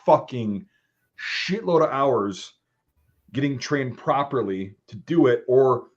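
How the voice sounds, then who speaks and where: A man's voice: mid-range voice, slow. A man, an army veteran, co-hosting a casual profane chat and telling war stories with lots of swearing and acted-out quotes. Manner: swears freely, animated storytelling with voiced quotes. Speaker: podcast host and army veteran. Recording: slightly dull lo-fi audio.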